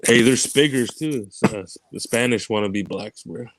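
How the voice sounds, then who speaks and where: A man's voice: mid-range voice, moderate pace, no room sound, rough recording. A man in casual group chat, making blunt, profane remarks.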